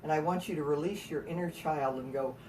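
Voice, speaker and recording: A woman's voice: sits low, a little fast, a little hiss or hum. A woman musician telling wry, folksy stories between songs, heard from a distance with guitar behind her. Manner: relaxed, wry, folksy humor. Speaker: singer-songwriter performer. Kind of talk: storytelling song introductions.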